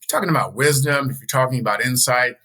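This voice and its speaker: A man guesting on an interview show as a speaker and coach, telling personal stories in a casual, animated way. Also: quick pace, rough recording. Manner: animated storyteller, jumps higher when quoting others.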